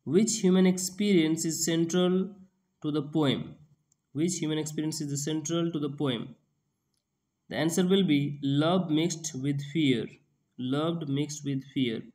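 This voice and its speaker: A man, working as a tutor who reads out quiz questions and answers, repeating each one slowly and restarting often. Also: a little high, steady tone, darkish tone. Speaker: exam prep tutor. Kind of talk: reading out and explaining quiz questions.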